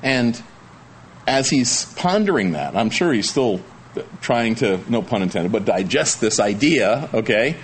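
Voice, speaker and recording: Here a pastor preaches with a medium-pitched, sing-song delivery that runs a little slow, with slight hiss or hum in the background. After reading a scripture passage aloud, he explains it conversationally and folksily, joking with the congregation along the way.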